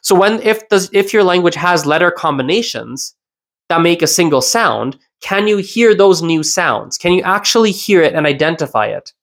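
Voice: mid-range voice, expressive, normal speed. A language teacher hosting a solo educational podcast, explaining step by step, repeating key points and asking rhetorical questions.

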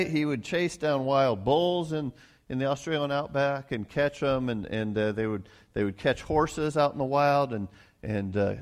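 A man preaching a sermon, warm and folksy in manner. He often stumbles and repeats his words as he restarts a thought, with plenty of casual asides. His pitch sits in an ordinary middle range. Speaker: pastor.

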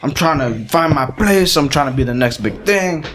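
A man's voice: fairly high pitch, lively intonation, moderate pace, background noise, close to an everyday voice. A man putting on a chirpy wannabe singer. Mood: upbeat. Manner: upbeat, mixes Spanish into English. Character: eager young Colombian man, wannabe music artist.

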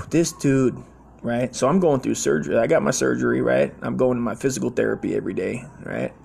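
A man's voice: medium pitch, gravelly, a little mellow, a little hiss or hum. A man in his forties telling a rambling, slangy, profane story in a casual way.

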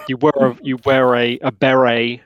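A man's voice: medium pitch, little pitch movement, normal speed, no echo. A man joins a tabletop session with eager, teasing banter. His voice comes through dry and close, with a slightly dull, lo-fi sound. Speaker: player. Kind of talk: casual tabletop chat.

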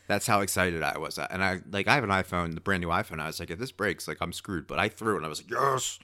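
Low-voiced guy co-hosting a podcast, smooth clear voice, all excited and rambling. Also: fast talker, no room sound. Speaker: podcast co-host. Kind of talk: casual podcast chat.

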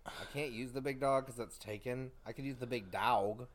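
A man's voice: medium pitch, fairly even intonation, brisk. A young man in casual podcast chat, joking and acting out imagined back-and-forth dialogue. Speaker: podcast co-host.

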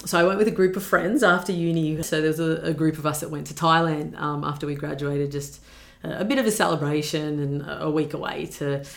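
A woman's voice: low-pitched, fairly even intonation, a little fast, gravelly, reverberant. A young woman telling a personal story as a podcast guest, earnest and reflective, with many fillers.

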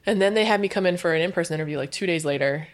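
A woman in her thirties, talking as a guest in a casual interview, chatty and animated, with lots of "like". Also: lowish voice, rapid-fire. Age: 30s. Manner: chatty, says "like" often, animated retelling. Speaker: guest, UX designer.

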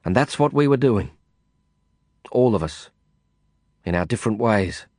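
A man reading a first-person audiobook narration in a measured, reflective way. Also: fairly low pitch, lively intonation, darkish tone, dry recording, studio quality.

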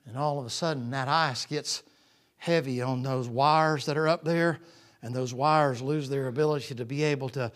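A man's voice: medium pitch, normal speed. Man preaching, folksy, dynamic, drops to whispers. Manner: folksy, swings from loud to whispered. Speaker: pastor. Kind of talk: sermon.

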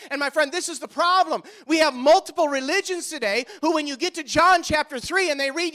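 A man's voice: extremely high pitch, a little fast, hardly any pauses, a bit bright. A male pastor preaching a sermon with fervor, pressing his listeners with rhetorical questions.

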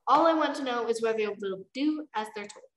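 A woman's voice: on the high side, brisk, a bit bright, roomy sound, natural voice. A woman voicing a scheming female dragon princess, talking in a silky, dry, menacing way as she reads a storybook aloud. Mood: sly menace.

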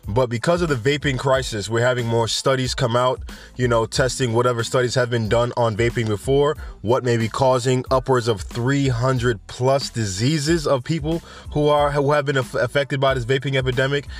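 A man's voice: medium pitch, steady tone, moderate pace, soft background music. A man from Jamaica hosting a casual cannabis news podcast, rambling and joking with slangy asides. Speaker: podcast host.

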